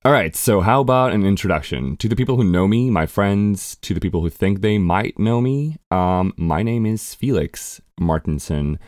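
A man's voice: on the low side, expressive, moderate pace, few pauses, a little mellow, no room sound, studio quality. A man in his twenties from Sweden with a learned American accent, hosting a casual solo podcast, chatty and candid, swearing casually and laughing at himself. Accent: American English learned by a Swedish speaker. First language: Swedish. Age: 20s. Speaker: podcast host.

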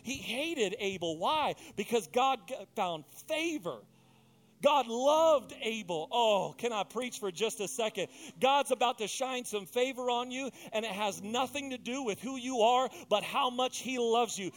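High-voiced passionate male preacher. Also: animated, measured pace. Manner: passionate, rising to emphatic peaks, conversational asides. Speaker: pastor. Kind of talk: sermon.

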